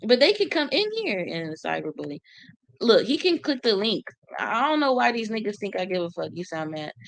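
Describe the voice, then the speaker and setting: During a casual livestream, a brash, profane woman reads the live comments and talks back to commenters bluntly. Her voice is medium-pitched, sing-song, and gravelly, the pace is brisk, and there's no echo.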